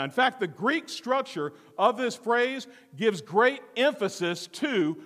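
Animated preacher in an echoing hall. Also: male voice, extremely high pitch, takes it slowly, few pauses. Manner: animated, theatrical, questions the audience. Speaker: pastor. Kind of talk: sermon.

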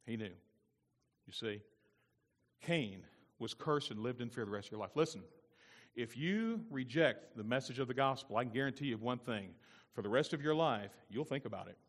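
A male pastor preaching a sermon, repeating his points and swinging between loud emphasis and quiet intensity. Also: mid-range voice, lively intonation, normal speed. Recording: long reverb of a large hall.

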